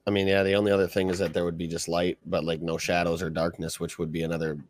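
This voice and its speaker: Man, very deep voice, blunt, relaxed, dry recording. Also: fast, dry recording. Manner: relaxed, blunt, swears casually. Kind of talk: casual chat.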